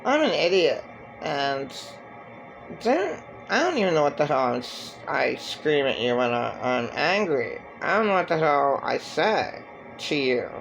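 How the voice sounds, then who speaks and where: A man's voice: a little high, sing-song, a little slow, creaky, fairly bright tone, exaggerated voice, rough recording. A man voicing a volatile, self-loathing man who blurts out insults about himself.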